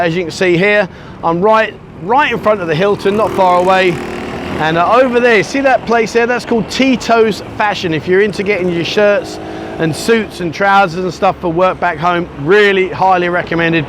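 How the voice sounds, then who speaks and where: A middle-aged English man from the UK, chatting casually and rambling with self-mocking asides as he films himself on a sunny beachfront. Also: high-pitched. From United Kingdom. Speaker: vlogger. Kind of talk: casual walking vlog. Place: outdoors on a sunny beachfront by a busy road. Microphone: handheld camera at arm's length. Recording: faint outdoor traffic noise.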